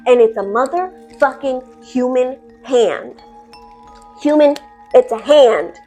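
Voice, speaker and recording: A woman's voice: high voice, slow pace, warm tone, soft background music. Profane, dramatic woman storyteller. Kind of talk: casual horror storytime.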